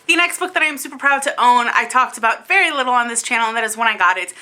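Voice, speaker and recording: A young woman with a bright, fairly high voice, talking in a chatty, excitable way with plenty of fillers as she walks through a book tag. She sounds like she's speaking to a camera at home. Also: racing. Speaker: book vlogger. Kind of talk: casual book tag video.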